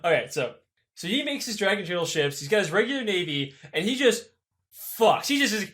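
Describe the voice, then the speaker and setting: Brief: male co-host, high lively voice, profane, rambling comic history retelling. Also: quick pace. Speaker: podcast co-host. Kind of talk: casual comedic history retelling.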